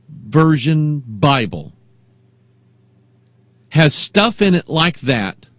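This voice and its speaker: A man preaching a sermon as pastor, moving between quiet reflection and rising, emphatic delivery. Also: a little high, dry recording.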